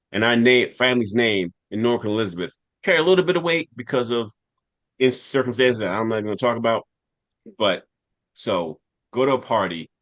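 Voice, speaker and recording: A man on a podcast telling a long personal story in casual talk, animated, repeating phrases for emphasis. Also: on the low side. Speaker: podcast cast member.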